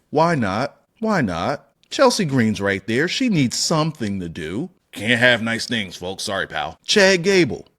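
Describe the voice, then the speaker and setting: Man, solo opinion rant, lively swooping pitch, profane, rhetorical questions. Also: measured pace, few pauses. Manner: animated, profane, rhetorical questions, sudden high exclamations. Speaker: wrestling commentary channel host.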